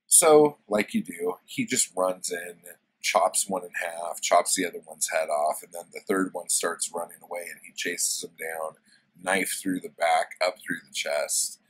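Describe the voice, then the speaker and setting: A man's voice: low-pitched, expressive, measured pace, gravelly, slightly rough, low-quality recording. A man casually retelling a story as a book reviewer, loose and profane, full of fillers.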